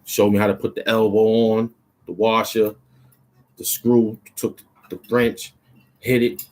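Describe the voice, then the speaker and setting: A man's voice: lowish voice, little pitch movement, measured pace, a little mellow, rough recording. A man, a rapper, talking in a loose, rambling monologue full of street slang and "you know what I'm saying", in a small cramped room.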